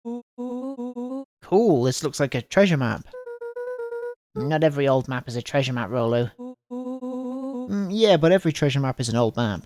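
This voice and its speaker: A woman's voice: deep voice, big pitch swings, moderate pace, pauses often, a little mellow, no echo, studio quality, faint music behind. A woman streamer playing a story game, joking around and reading the kids' lines with playful voices. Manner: jokey, laughs often, reads kids' lines with voices. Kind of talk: playful let's-play commentary and character reading.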